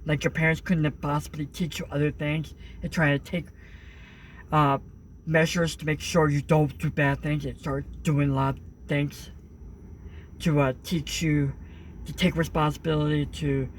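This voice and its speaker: A man's voice: on the high side, slight background noise. A young man talking earnestly in a casual monologue, rambling with many fillers and restarts. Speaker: vlogger.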